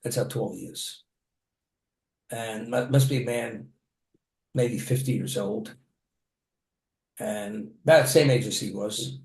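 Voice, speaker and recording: A man's voice: medium pitch, expressive, slow, creaky, long pauses, darkish tone, reverberant. A man delivering a plain-spoken sermon, telling a story from his own life with the occasional restart.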